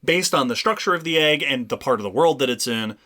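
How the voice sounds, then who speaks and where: Bright-voiced man explaining fossils casually. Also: mid-range voice, expressive, fast. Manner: explanatory, frequent restarts. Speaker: podcast co-host. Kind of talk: casual chat.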